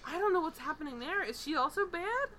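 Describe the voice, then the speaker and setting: A woman co-hosting a casual TV recap chat, animated, swearing freely and acting out characters' lines. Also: very high voice, quick pace, a crowd in the background, rough recording. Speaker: podcast co-host.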